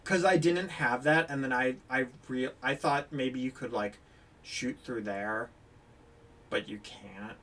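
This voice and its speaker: A livestreamer giving live gameplay commentary who talks excitably and breaks into loud, frustrated outbursts. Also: medium pitch, measured pace, far from the mic.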